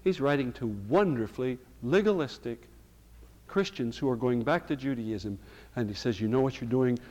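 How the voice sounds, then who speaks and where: A middle-aged male pastor preaching a sermon to his congregation, going from hushed and slow to loud and emphatic. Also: mid-range voice, lo-fi sound. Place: church sanctuary. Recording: reverberant church hall.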